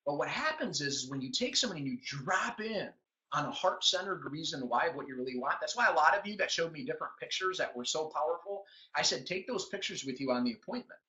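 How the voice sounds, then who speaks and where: In a dull, lo-fi recording, a middle-aged man talks quickly in a voice on the high side. He's delivering a motivational business training session as an animated storyteller, playing out conversations as he goes.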